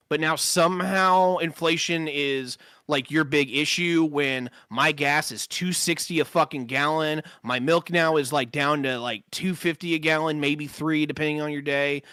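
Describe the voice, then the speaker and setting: Bright-voiced, blunt, cursing man. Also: a little high, clear, resonant tone, no room sound. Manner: blunt, profane, halting restarts. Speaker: panel member. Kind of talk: heated online panel discussion.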